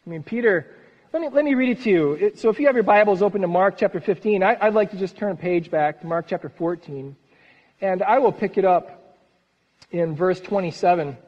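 A man delivers a sermon as a pastor in an earnest, lively way, sinking to a hush at the close of phrases. His voice sits high for a man. The recording is dull and echoes through a long-reverb church hall. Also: brisk.

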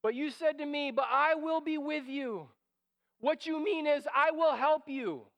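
A man preaching a sermon as pastor, animated and acting out quoted lines, sometimes dropping to a near whisper. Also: very high voice, a little slow, gravelly.

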